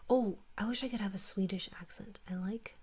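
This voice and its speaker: A woman from Canada with a Canadian accent, softly whispering as she chats with viewers in an ASMR stream. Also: mid-range voice, slightly rough. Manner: soft whispering, chatty and drawn-out words.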